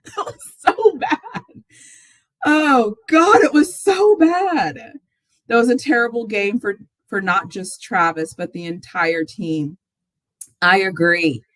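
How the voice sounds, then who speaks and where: A woman's voice: medium pitch, slow, dry recording, low-quality recording. A woman hosting a casual live sports chat, talking animatedly and laughing often as she tells a story. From Texas fan, not origin. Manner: animated, laughs often, exclaims in rising squeals. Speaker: sports talk livestream host.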